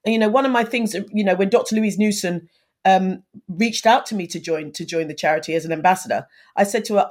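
A woman's voice: mid-range voice, fast, a little mellow. A woman in her fifties, a guest in an interview, talking earnestly and giving advice, with frequent restarts. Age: 50s. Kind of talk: conversational interview.

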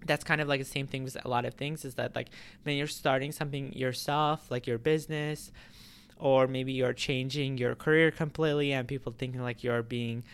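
A man vlogging straight to his audience, his voice smooth and clear at a middling pitch. He rambles in a relaxed way, circling back with fillers and restarted phrases as he thinks aloud. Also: brisk. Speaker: YouTuber. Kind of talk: casual vlog talk to camera.

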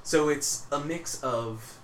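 A man co-hosting a casual podcast, animated and quick to laugh, swearing freely as he chats. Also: on the high side. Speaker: podcast co-host. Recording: roomy room with faint background noise.

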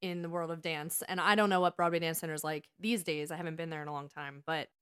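A woman co-hosting a casual talk show, speaking in a relaxed, reflective way. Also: low-pitched, fast talker, clean tone. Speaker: podcast co-host, daughter. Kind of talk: casual chat.

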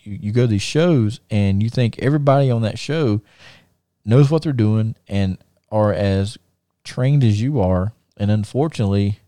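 Mellow-voiced man telling wrestling road stories. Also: lowish voice, normal speed, dry recording, studio quality. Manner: rambling, laughs often, many restarts. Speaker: podcast host and wrestler. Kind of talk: casual storytelling chat.

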